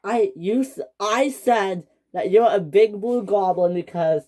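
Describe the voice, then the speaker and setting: A narrator voicing James, a boastful male toy engine, in a higher, taunting tone. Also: measured pace, darkish tone, close to an everyday voice.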